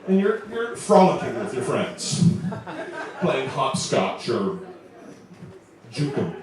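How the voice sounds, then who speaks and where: Animated young man doing stand-up in a roomy club. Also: medium pitch, slow, a crowd in the background. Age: 20s. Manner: animated, chuckles through his own jokes. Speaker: stand-up comedian. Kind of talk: stand-up comedy set. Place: comedy club stage. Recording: echoey club, distant mic, audience.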